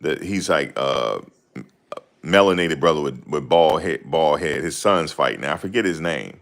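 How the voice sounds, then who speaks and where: A man's voice: extremely low pitch, animated, normal speed, fairly bright tone. A man in casual chat, talking in a slangy, rambling way and often searching for names. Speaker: host.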